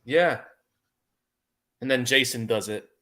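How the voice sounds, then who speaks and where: A man co-hosting a casual movie commentary podcast, laid-back and profane, quick to laugh along. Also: mid-range voice, bright, forceful tone. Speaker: podcast co-host.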